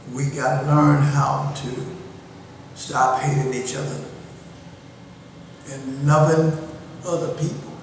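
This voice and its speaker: Slow, deliberate older man in an echoing cell. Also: a little high. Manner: slow, deliberate, preaching delivery. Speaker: show host. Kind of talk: slow moral lecture to young people. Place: jail cell, steel and concrete. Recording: echoey cell, far from the mic, faint hiss.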